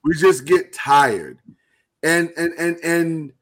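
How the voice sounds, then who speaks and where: Earnest man hosting a live show. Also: on the high side. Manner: earnest, halting, with many restarts. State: holding back emotion. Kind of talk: casual live-stream talk.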